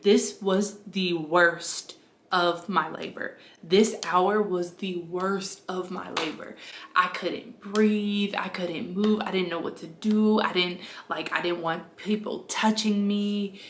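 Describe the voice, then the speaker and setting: A young woman, casually telling her own story to the camera and acting out her past cries in a high voice. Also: steady tone, slow pace, echoey room, slight background noise. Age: young adult.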